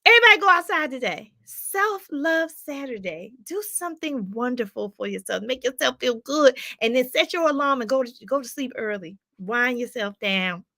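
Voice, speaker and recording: Life coach host, woman, high bright voice, dry close sound. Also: moderate pace, few pauses, no room sound. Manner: animated, laughs often, preacherly call-and-response. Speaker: life coach hosting a live stream. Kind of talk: casual live-stream chat, reading viewer comments.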